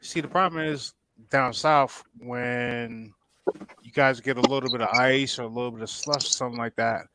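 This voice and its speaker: A man's voice: mid-range voice, steady tone, moderate pace, sharp tone, slight background noise. A man giving laid-back advice in casual podcast banter. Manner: laid-back, lecturing in fun.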